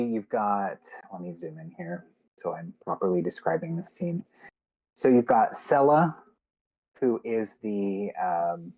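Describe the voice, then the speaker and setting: A man's voice: fairly low pitch, a little mellow, highs cut off. A man running a tabletop game as game master on a live stream, hesitant with frequent ums. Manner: hesitant, with many ums and restarts.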